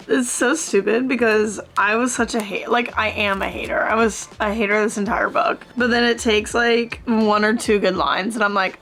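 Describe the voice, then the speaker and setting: A young woman vlogging her reactions as she reads, expressive, swearing and laughing often, filming herself at home. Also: a little high, normal speed, soft background music. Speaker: book vlogger. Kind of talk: casual reading vlog. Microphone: camera close by.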